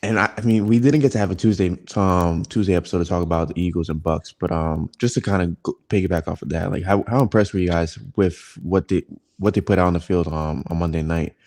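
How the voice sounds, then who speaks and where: A man hosting a casual sports podcast, relaxed and quick to laugh. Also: low voice. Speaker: podcast host.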